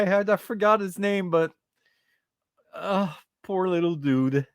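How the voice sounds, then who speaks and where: A man's voice: high-pitched, slow pace, dry recording, studio quality. A man hosting a podcast, chatting casually about a toy collection, teasing the figures and giggling between remarks, now and then slipping into French. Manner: switches into French at times. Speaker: podcast host.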